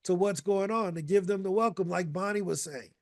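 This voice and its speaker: High-voiced energetic male course coach. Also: brisk. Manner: energetic, repetitive, fond of rhetorical "right?". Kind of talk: casual group coaching call.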